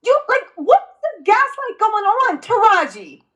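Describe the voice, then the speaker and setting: A woman co-hosting a comedic commentary, asking sarcastic, animated questions. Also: very high voice, a little slow. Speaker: co-host.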